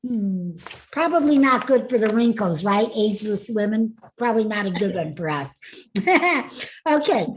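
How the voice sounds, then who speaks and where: A woman coaching a group through voice and face exercises in an online workshop, upbeat and laughing often. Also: a little high. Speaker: speaking coach. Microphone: video call.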